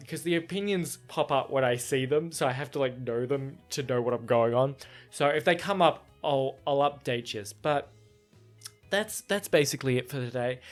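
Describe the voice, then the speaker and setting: A young man with a somewhat feminine voice, hosting a solo podcast in animated casual chat. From Australia. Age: young adult. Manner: animated storytelling, frequent laughs, jumps into high-pitched acted quotes. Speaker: podcast host.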